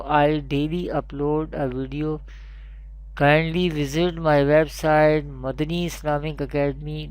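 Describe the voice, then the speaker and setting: A man's voice: a little high, clear, resonant tone, no room sound. Man, online Quran teacher, repeats letters patiently, dry close sound. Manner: slow, repetitive drilling of letters. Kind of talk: recorded online pronunciation lesson.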